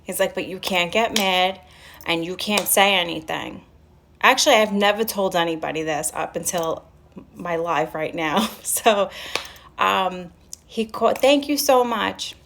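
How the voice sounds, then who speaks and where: A young woman with a Staten Island New York accent, telling a story on a casual livestream, animated and swearing freely. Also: lowish voice, unhurried, vocal fry, slight background noise. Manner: chatty, animated, swears freely, breaks off to greet chat. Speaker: livestream host.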